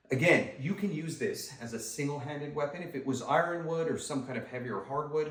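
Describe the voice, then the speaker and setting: Male martial arts instructor, mid-pitched, upbeat and demonstrative, recorded off-mic in an echoey room. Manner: enthusiastic, talks while demonstrating moves. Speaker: self-defense instructor and host. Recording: roomy echo, mic some distance away.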